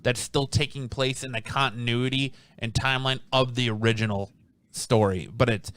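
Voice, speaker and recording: A man's voice: mid-range voice, steady tone, moderate pace, fairly bright tone, no room sound. A man hosting a casual comic book review show, rambling with many restarts and ums.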